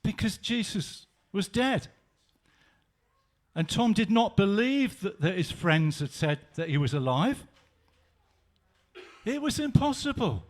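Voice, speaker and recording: Pastor preaching, high voice, slow and dramatic. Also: male voice. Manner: animated, dramatic storytelling. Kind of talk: sermon storytelling.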